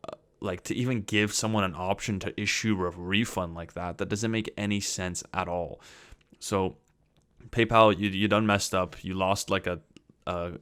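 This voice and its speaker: A man's voice: low-pitched, fairly bright tone, clear, resonant tone, dry recording. A young man vlogging, telling a story in an exasperated, ranting way. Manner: exasperated, ranting, swears when quoting himself. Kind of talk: casual storytelling to camera.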